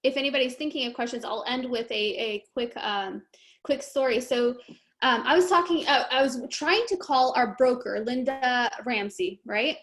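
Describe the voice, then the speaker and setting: Woman, high voice, host of a group call; chatty, animated storyteller. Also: moderate pace. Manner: chatty, laughing, animated retelling. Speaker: meeting host.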